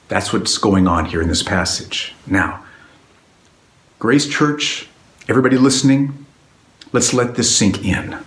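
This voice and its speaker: A man preaching an expository sermon as pastor, earnest, slowing down and dropping low on solemn warnings. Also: animated, echoey room. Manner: earnest, slows down and drops low on solemn words. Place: church.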